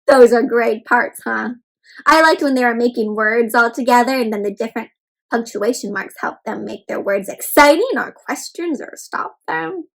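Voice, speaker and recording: Heard through poor audio, a woman with a fairly high, gravelly voice speaks at a normal speed while hosting a read-aloud for little kids. She teaches in an upbeat sing-song way, counting out prompts and often calling the children "friends."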